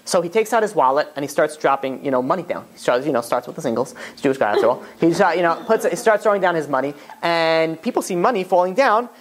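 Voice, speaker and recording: A rabbi giving a Torah class, telling stories in an animated, casual way full of fillers. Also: male voice, on the high side, fast, few pauses. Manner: animated storytelling, casual filler-heavy talk. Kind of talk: Torah class lecture with storytelling.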